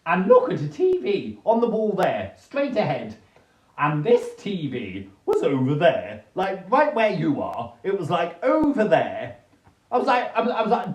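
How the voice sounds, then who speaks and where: Brief: livestream host, theatrical and chatty, lively and unhurried, slightly high voice. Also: male voice. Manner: animated, theatrical storytelling with put-on voices. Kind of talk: casual livestream chat. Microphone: phone livestream.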